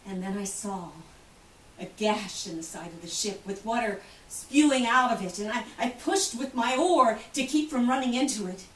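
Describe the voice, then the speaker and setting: A woman's voice: on the high side, expressive, moderate pace, lightly acted. An actress giving a theatrical first-person monologue as an outspoken, wealthy woman who survived the Titanic, telling the story vividly and acting out the voices of others. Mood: recounting. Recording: roomy, distant, faint hiss.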